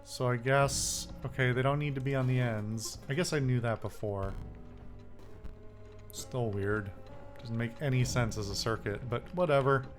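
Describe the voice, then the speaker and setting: Casual male let's-player, dry and wry, mid-pitched voice, soft music bed. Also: moderate pace. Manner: wry, thinking aloud. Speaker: gameplay commentator. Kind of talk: casual game commentary. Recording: faint background music.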